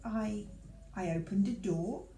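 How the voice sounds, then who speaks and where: A woman's voice: mid-range voice, takes it slowly, mellow, roomy sound, distant mic, slight background noise. A woman voicing a frightened young boy who answers hesitantly and politely. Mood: timid. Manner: hesitant, deferential.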